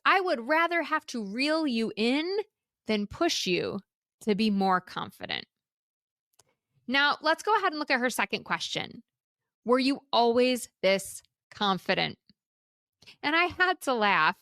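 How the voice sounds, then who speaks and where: Middle-aged woman host, higher voice, conversational and upbeat, close dry mic. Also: pushed and bright, dry recording. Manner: upbeat, conversational, asks listeners rhetorical questions. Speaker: podcast host and speaker coach. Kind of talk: solo podcast talk.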